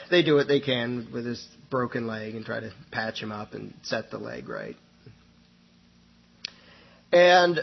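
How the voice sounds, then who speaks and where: A man's voice: on the high side, slightly rough, muffled recording. A man hosting a radio show, telling a folksy parable and acting out its characters. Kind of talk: storytelling monologue.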